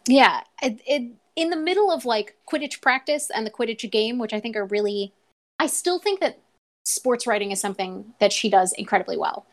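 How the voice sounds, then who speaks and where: A woman's voice: on the high side, animated. A woman co-hosting a casual book discussion podcast, chatting and reading short passages aloud. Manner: chatty, reads passages aloud with quick asides. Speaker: podcast co-host.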